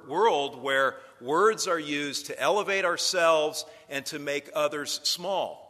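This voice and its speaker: Bright-voiced man preaching in a hall. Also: mid-range voice. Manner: storytelling, building to emphatic points. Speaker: preacher teaching future preachers. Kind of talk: sermon-style lecture.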